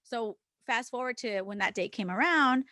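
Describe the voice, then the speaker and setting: A woman's voice: a little high, moderate pace, sharp tone, no echo, clean studio sound. A woman co-hosting a podcast, telling an emotional personal story with candid language and quoted back-and-forth dialogue. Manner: acts out quoted dialogue with others; casual swearing. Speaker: podcast co-host. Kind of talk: casual podcast conversation.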